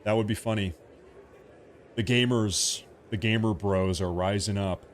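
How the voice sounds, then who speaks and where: A man's voice: fairly low pitch, steady tone, a little slow, slight background noise. A man hosting a political livestream from home, talking casually, joking and repeating himself as he rambles. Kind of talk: casual live commentary.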